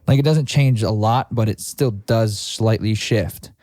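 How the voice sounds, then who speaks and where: A man's voice: on the low side, a little slow, darkish tone, no room sound, studio quality. A man co-hosting a podcast, explaining his views in a rambling casual chat, full of "like" fillers. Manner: rambling, explanatory, heavy use of "like". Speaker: podcast co-host.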